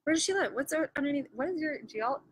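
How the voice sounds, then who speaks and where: A woman's voice: high-pitched, animated. A Canadian woman hosting a casual chat, joking around and laughing often. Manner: giggly, joking, quick to laugh. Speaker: livestream host.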